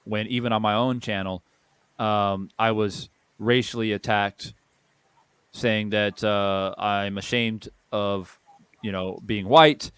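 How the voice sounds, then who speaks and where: A man's voice: on the low side, fairly even intonation, takes it slowly, a bit bright, clear, resonant tone, no room sound. A man hosting a boxing channel, delivering a heated opinion monologue and repeating phrases for emphasis.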